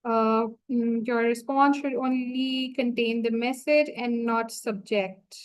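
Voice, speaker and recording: A woman walking viewers through a software setup on a screen-share tutorial, talking through each click as she goes. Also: fairly high pitch, steady tone, clear, resonant tone, low-quality recording. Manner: slow, explanatory, talks through each click. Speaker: software trainer.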